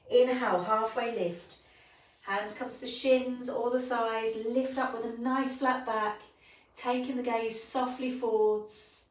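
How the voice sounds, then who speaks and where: A woman teaching a bedtime yoga class, calmly cueing each breath and movement. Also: fairly high pitch. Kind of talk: guided yoga instruction. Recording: echoey room, voice from a distance.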